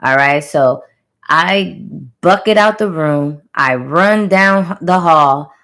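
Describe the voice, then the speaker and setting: A woman's voice: low-pitched, takes it slowly, fairly bright tone. A young adult woman casually retelling a dream to her viewers in an emphatic, slangy way, speaking straight to the camera. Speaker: spiritual reader sharing a channeled message.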